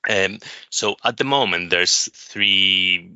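A male pharmacist with a low, strikingly bright and smooth voice explains in a calm, measured way. The recording is dry and slightly muffled, like a home podcast setup. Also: no room sound. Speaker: specialist pharmacist guest.

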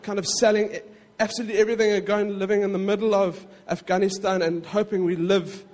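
A man preaching a sermon in a conversational way, with frequent asides to the congregation and quick self-corrections. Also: high-pitched, level tone, darkish tone, in a large hall. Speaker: pastor.

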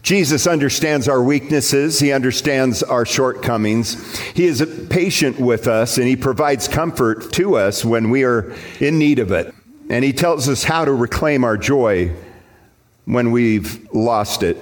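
Slow, earnest male pastor preaching. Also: mid-range voice. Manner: storytelling, earnest. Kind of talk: sermon. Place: church.

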